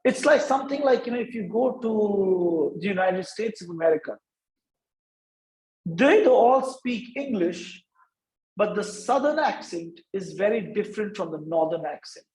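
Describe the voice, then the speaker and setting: A man from India lectures students at a business workshop, pausing after almost every point to ask "right?" His voice is high-pitched and a little mellow. The audio is poor and sounds roomy.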